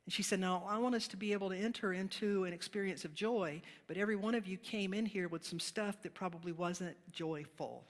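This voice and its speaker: A woman pastor preaches a sermon in an easy, conversational way, telling stories as she goes. Her voice sits at a middle pitch and carries a long reverb from the church hall. She laughs along with the congregation at times. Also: fairly quick, few pauses. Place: church sanctuary.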